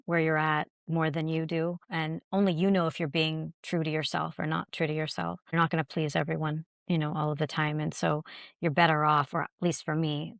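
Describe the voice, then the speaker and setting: A middle-aged woman, an actor guest, telling stories in an earnest, animated way. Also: low voice, no echo, studio quality. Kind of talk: conversational interview storytelling.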